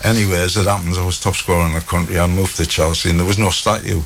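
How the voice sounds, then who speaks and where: A middle-aged North East England man with a lowish voice, telling animated stories as an interview guest. A faint hiss sits under the recording. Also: quick pace, vocal fry. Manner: lively storyteller, animated quoted dialogue. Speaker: guest, former footballer. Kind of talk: anecdotal interview chat.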